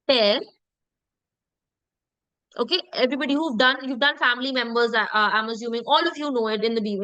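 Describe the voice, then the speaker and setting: A woman teaching French pronunciation in an online lesson, repeating sounds slowly and checking in with her class. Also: a little high, a bit bright, no echo, dull audio.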